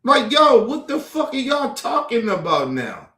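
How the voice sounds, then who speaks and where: A man's voice: sits high, moderate pace, hardly any pauses, a bit bright, roomy sound. A man ranting about politics on a stream, heated, profane and repetitive. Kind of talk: ranting commentary. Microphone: streaming mic.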